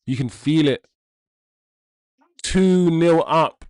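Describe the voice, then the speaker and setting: Young man reacting to football, loud swings. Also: on the high side, drawn-out words, clean tone, dry recording. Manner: loud swings from groans to shouts, slang-heavy. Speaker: watchalong streamer. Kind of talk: live football watchalong reaction.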